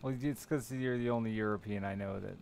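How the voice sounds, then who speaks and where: A man's voice: lowish voice, steady tone, a little fast, creaky, darkish tone, slight background noise. A man streaming a game live, chatting casually with viewers in a sardonic, teasing way and swearing freely. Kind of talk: casual gaming stream chat.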